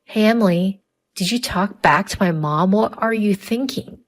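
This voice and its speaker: A woman's voice: on the low side, measured pace. A woman voicing a hot-tempered young husband who sides with his mother in a narrated story. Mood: angry. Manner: snappish, blaming.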